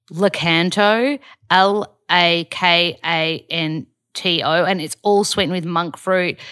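Chatty woman, low voice. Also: sharp tone, dry recording. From Australia. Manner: chatty, rambling, with lots of "like" and "um". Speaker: vlogger and podcaster. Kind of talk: casual chat.

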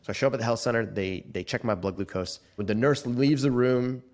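A man's voice: medium pitch, brisk, a little mellow. A man in his forties telling his life story as a guest in a casual interview, acting out the voices of the people he quotes. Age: 40s.

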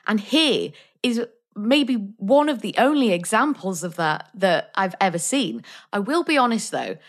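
A woman chats openly about a film with her co-host, speaking at a mid pitch. Her talk is loose and frank, peppered with "like" and small restarts. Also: sing-song, measured pace. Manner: chatty, frank, uses "like" a lot. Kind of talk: casual film discussion.

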